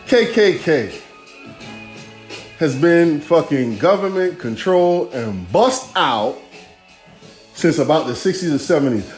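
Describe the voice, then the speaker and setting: A man's voice: a little high, darkish tone, echoey room. A man in his forties hosting a podcast, rambling through a profane, streetwise solo monologue. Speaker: podcast host.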